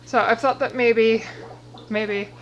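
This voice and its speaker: A woman's voice: fairly high pitch, steady tone, takes it slowly, highs cut off. A woman chatting casually in a home vlog, out of breath and slipping into baby talk with her pets. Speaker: vlogger. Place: home, indoors.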